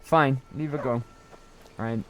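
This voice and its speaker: This young British man's voice is medium-pitched and slow, with soft music playing behind him. He streams a game and chats in a rambling, casual way, often adding "right?".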